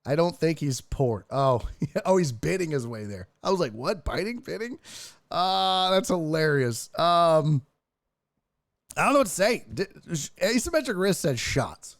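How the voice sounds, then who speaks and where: A man's voice: fairly high pitch, a little slow, no room sound, studio quality. A man hosting a casual sports stream, swearing freely and reading out thanks to viewers. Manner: profane, excitable, thanking donors. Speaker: streamer host.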